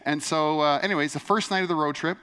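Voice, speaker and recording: An earnest male pastor preaching in a chatty, storytelling way. His voice sits a little high for a man. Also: fast talker, bright, forceful tone, clear, resonant tone. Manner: earnest, conversational, frequent "and so anyways". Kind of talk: sermon with personal storytelling.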